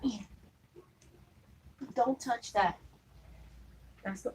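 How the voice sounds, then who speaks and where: A woman's voice: a little high, slow pace, long pauses, a little mellow, husky, poor audio. A woman vlogging at home, chatting casually and telling stories about her family in an easygoing, laughing way. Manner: chatty, storytelling, laughs easily. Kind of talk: casual chat to camera.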